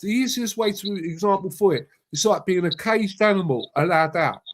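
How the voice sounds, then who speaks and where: A man's voice: sits high, animated, moderate pace. A man hosting a casual live stream chat, talking bluntly in slang.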